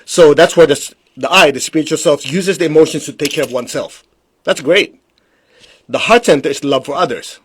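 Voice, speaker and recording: A man's voice: a little high, fairly quick, breathy edge. A man giving a live-streamed spiritual teaching in a blunt, emphatic way, with pointed rhetorical questions. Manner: mocks excuses with put-on quoted voices.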